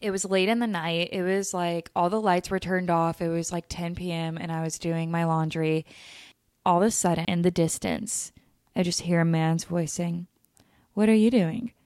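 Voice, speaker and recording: A woman's voice: on the low side, little pitch movement, normal speed, a little mellow, clean tone, dry recording, studio quality. A young woman hosting a podcast, telling a story in a candid way, swearing freely and laughing as she goes. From lived in Utah. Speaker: podcast host. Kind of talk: casual storytelling chat.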